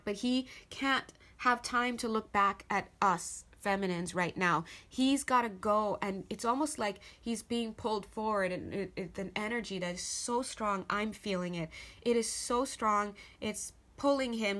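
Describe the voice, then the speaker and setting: A woman's voice: mid-range voice, a bit bright. A woman giving an intuitive tarot reading to camera. She speaks earnestly as if passing on spirit messages, often restarting her sentences. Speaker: tarot reader.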